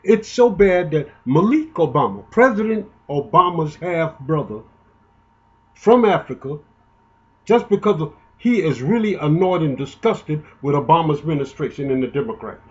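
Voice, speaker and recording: A man's voice: fairly high pitch, lively intonation, normal speed. Indignant man ranting, lo-fi sound. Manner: indignant, emotional, rambling with restarts. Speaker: political commentator. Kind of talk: ranting political monologue.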